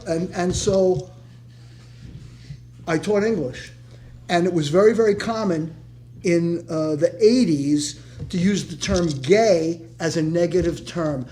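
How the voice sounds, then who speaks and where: A man's voice: high-pitched, a little mellow. An older man, a former teacher, telling a long story with many restarts at a community discussion. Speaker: retired teacher in audience. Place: meeting room.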